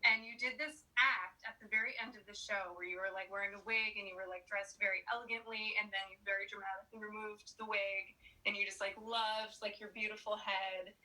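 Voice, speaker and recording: A woman's voice: mid-range voice, fairly even intonation, brisk, few pauses, pushed and bright. A woman hosting a casual interview, talking admiringly with rambling fillers. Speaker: interview host. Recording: voice a bit distant from the mic.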